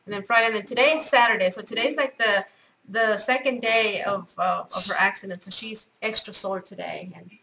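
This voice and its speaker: A woman's voice: medium pitch, fairly quick, gravelly, sharp tone, a little hiss or hum, poor audio. A middle-aged woman chatting at home as a craft vlogger, gushing and effusive as she shows off gifts. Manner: gushing, effusive, repeats praise words. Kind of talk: casual unboxing chat.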